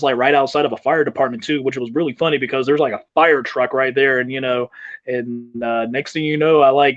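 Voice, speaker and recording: Rambling storytelling wrestler, muffled sound. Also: male voice, medium pitch. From South Carolina, US. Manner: rambling anecdotes with fillers and laughter. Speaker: wrestler and guest. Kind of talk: interview storytelling.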